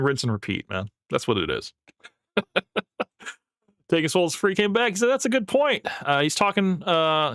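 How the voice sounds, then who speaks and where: A man's voice: mid-range voice, a bit bright, smooth, no room sound, clean studio sound. A young man casually commenting on a clip he is watching, rambling and laughing often. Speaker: streamer reacting to clips.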